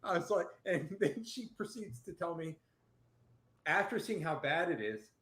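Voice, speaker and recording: A man telling a long, profane story in casual chat, rambling and animated as he acts out what people said. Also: a little high, measured pace. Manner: profane, rambling, animated retelling with quoted dialogue. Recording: roomy echo.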